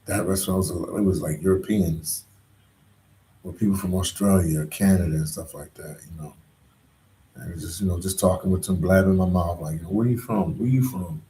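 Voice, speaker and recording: Man, dark mellow voice, roomy echo, slangy rambling live-stream chat. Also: sits low, fairly even intonation, fairly quick, slight background noise. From Philadelphia. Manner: slangy and rambling, full of "like" and "you know". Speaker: travel vlogger on a live stream.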